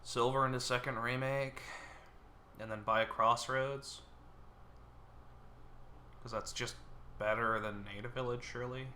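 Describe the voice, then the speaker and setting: Slow-talking man with a bright voice. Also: mid-range voice, fairly even intonation, a little hiss or hum. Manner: muttering, frustrated outbursts at bad draws; sarcastic. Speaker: gameplay streamer. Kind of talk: casual gameplay commentary.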